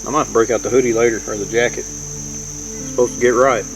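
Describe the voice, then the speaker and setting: A man's voice: mid-range voice, fairly even intonation, brisk, music in the background. A man, chatting casually to viewers while camping outdoors in the woods. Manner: folksy, chatty, talks to viewers as y'all. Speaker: outdoor vlogger. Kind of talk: casual camping vlog narration.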